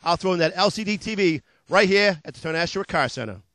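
A man with a hoarse voice hosting a local TV car sales pitch, upbeat and jokey, stumbling over words and laughing it off. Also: animated, fast talker, pushed and bright, no echo. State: hoarse from lost voice. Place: car dealership lot.

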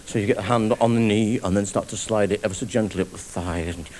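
A man's voice: fairly low pitch, quick pace, darkish tone. A man telling a comic story in live stand-up, chatty and conspiratorial, on a theatre stage before an audience, in a noisy live broadcast recording. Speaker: stand-up comedian.

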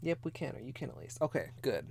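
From her bedroom, a woman runs a relaxed nail polish livestream, chatting and rambling with plenty of fillers in reply to viewers. Her extremely low, gravelly, darkish voice swings widely in pitch and moves fast. Slight background noise is present, and she drifts from her desk mic at times.

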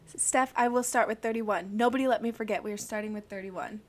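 A woman's voice: a little high, fast. A young woman streaming a crossword session, chatting casually and gushing as she greets viewers by name. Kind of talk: casual livestream chat.

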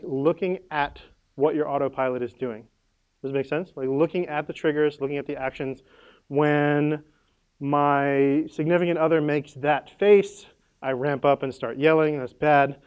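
Guy running a workshop, kinda high voice, super casual, says like a lot, throws in silly sound effects. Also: darkish tone, smooth. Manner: casual, peppered with "like" and "right?"; playful, adds sound effects. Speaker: workshop presenter. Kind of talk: conference workshop talk. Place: conference workshop room.

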